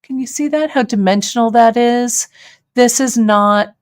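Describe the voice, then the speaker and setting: Female host for a live hands-on lesson: measured, leisurely delivery, warm checking-in with viewers. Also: on the high side. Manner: patient, step-by-step, checks in with "okay?". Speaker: host demonstrating bead embroidery. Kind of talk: live craft tutorial.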